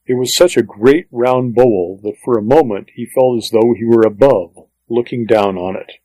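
A male narrator reads a story aloud in a steady, even way. His voice sits at an ordinary pitch. The recording is dry and close, with no room sound. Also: moderate pace, dry recording, rough recording. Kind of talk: scripted audiobook narration.

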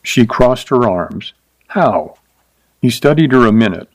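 A man narrating a short story in a steady, even storytelling voice, adding light character voices. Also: medium pitch, moderate pace, creaky, no echo, rough recording. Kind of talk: scripted audiobook narration.

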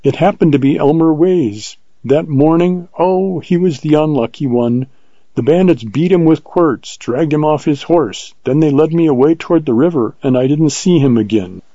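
A male narrator voicing a proud, spirited young woman in a storybook reading, lifting his pitch into a lilting tone. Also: moderate pace, dark tone, no echo, lo-fi sound. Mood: tender. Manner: raised, lilting pitch with a light tone.

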